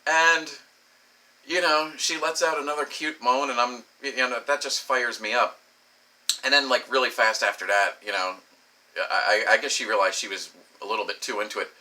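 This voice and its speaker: A man's voice: mid-range voice, fairly even intonation, moderate pace, bright, forceful tone, poor audio. A man telling a crude personal story as a rambling, profane vlog monologue, laughing often and saying "you know" a lot. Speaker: vlogger.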